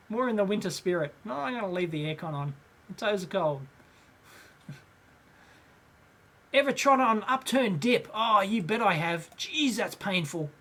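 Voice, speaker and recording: A man's voice: high-pitched, lively intonation, a little slow, long pauses, pushed and bright. A middle-aged Australian man hosting a casual live question-and-answer show, rambling with many fillers and frequent chuckles. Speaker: host.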